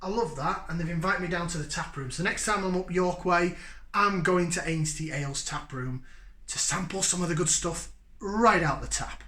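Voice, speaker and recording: A man's voice: high voice, normal speed, sharp tone. Man, 40s, from Yorkshire, casual beer vlog host, chatty and jokey, echoey room. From Yorkshire, England. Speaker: beer reviewer, channel host.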